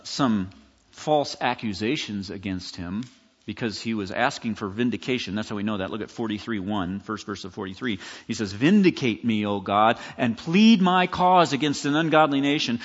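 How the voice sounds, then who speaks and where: Long hall reverb fills this dull, lo-fi recording of a man preaching a sermon. His mid-range voice is a bit bright and slightly rough, and his delivery is conversational and emphatic, frequently dramatizing the scripture he cites.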